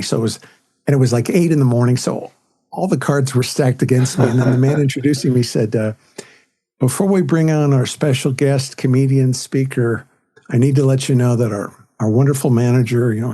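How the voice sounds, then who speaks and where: A man's voice: medium pitch, dark tone, slightly rough. A man, a comedian and author, telling anecdotes and jokes as a podcast interview guest. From California, USA. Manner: anecdotal, tells jokes with quoted voices.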